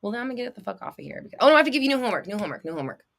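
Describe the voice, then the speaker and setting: A young woman hosting a casual livestream, reading viewer comments and coaching them in a blunt, excitable way, swearing freely and laughing often. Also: mid-range voice, rapid-fire, vocal fry. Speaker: manifestation coach and livestream host.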